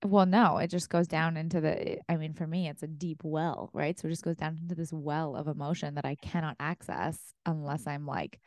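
A woman's voice: sits low, fairly even intonation, normal speed, few pauses, a little mellow, no room sound, studio quality. A woman co-hosting a podcast, asking pointed follow-up questions and reflecting openly on her own feelings. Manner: probing, self-reflective, swears. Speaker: podcast co-host. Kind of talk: casual chat.

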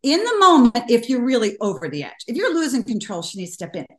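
An older woman speaking as a guest in an interview, telling stories earnestly and getting animated when she quotes people. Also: a little high, fast talker. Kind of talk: conversational interview. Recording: roomy echo.

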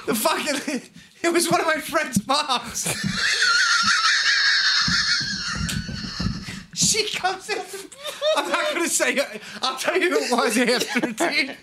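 A man's voice: very high voice, unhurried, a loud crowd. A man telling crude stories in a casual, profane chat, laughing through them and leaning on "dude" and "right?". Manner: laughs through his own stories, heavy swearing. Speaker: podcast host telling stories.

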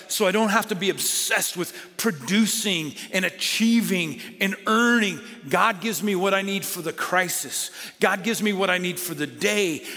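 Man preaching, kinda high voice, lively then goes soft and hushed, big echoey hall. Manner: animated, playful asides then hushed emphatic drops. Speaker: pastor. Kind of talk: sermon. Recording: long hall reverb.

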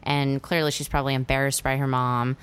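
A woman with an unusually low, smooth voice talks through a film's plot in casual conversation. She tells the story with energy and acts out the characters' quoted lines. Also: level tone, a little fast. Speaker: film discussion co-host. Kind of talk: casual chat recapping a film.

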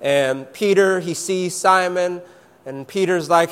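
A man's voice: sits high, takes it slowly, clean tone, big-room sound. A man preaching a sermon, telling the story playfully and slipping into acted voices for the characters. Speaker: pastor.

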